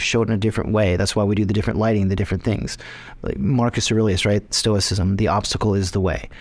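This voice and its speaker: A man answers interview questions about his films in a loose, rambling way. He restarts his sentences often and laughs between thoughts. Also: on the low side. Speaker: film director being interviewed. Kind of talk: casual interview.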